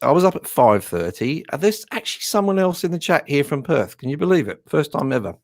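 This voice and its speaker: A man's voice: on the high side, very animated, a little fast, dry recording, studio quality. A man hosting a live stream with an English-tinged Australian accent, talking in a casual, rambling, self-deprecating way. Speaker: host.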